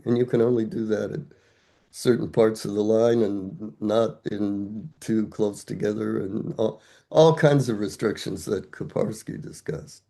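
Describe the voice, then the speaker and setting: A man's voice: on the low side, gravelly, dark tone. An older man, a guest scholar, explaining ideas step by step in a thoughtful, conversational academic way, asking himself rhetorical questions.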